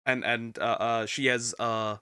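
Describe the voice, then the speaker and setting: A man with a bright, forward voice talks through a reaction video while a little sick. His commentary is casual and rambling, full of restarts and repeated words. The sound is dry and close to the mic. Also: medium pitch, flat delivery, a little slow, clear, resonant tone, no room sound.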